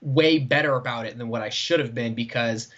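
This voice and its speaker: Husky-voiced man telling a long story. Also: medium pitch, a little fast, fairly bright tone. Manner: rambling, heavy use of "like" and "right?". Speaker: podcast co-host. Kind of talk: casual storytelling chat. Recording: dull lo-fi sound.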